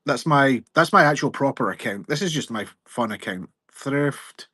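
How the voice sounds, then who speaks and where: A man's voice: medium pitch, expressive, normal speed, sharp tone, slightly rough, no room sound. A man hosting a selling live stream, chatting in a rambling, joking way. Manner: rambling, jokey, self-interrupting. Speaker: livestream seller host. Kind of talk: casual live-stream chat.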